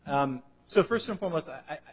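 A man arguing as defense attorney before judges, deferential and quick to answer the bench. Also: a little high, expressive, rough recording. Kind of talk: courtroom oral argument. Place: courtroom.

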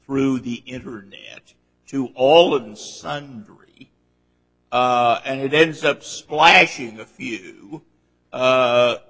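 A man's voice: mid-range voice, gravelly, fairly bright tone, husky, long reverb tail, rough recording. A man presiding as an appellate judge, pressing counsel with pointed, probing questions during oral argument in a large courtroom.

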